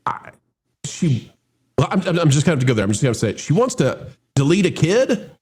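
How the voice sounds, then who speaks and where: Animated man hosting a movie review. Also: fairly high pitch, brisk, slightly rough. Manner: showman-style greetings, animated and rambling with restarts. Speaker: host. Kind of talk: casual movie review chat.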